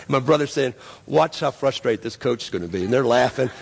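Male pastor, gravelly voice, emphatic repetitive sermon delivery, long church-hall reverb. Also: medium pitch, lively intonation, fast talker. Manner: repetitive, emphatic preaching with many restarts. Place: church sanctuary.

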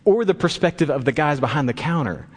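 A man's voice: a little high, animated, brisk. Pastor, male, storytelling sermon, voices the people in his anecdote, long hall reverb. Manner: storytelling, acts out voices in quotes.

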